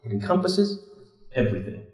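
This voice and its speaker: This man teaches by questioning, asking the class things and supplying the answers on his own as an Islamic teacher leading a workshop in interactive style. His delivery is brisk and a little mellow, with big pitch swings that climb to emphasize points, all in an echoey room.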